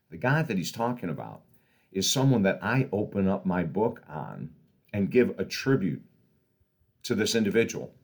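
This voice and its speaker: Lively low-voiced older man telling stories. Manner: animated storyteller, swinging from loud excitement to quiet asides. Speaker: podcast host and author. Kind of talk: motivational podcast monologue.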